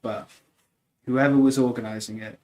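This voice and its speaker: A man's voice: medium pitch, normal speed, slight background noise, poor audio. A man, a guest sculptor, chatting casually and telling rambling anecdotes full of "like" and laughs. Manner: rambling, animated, lots of "like" and laughter.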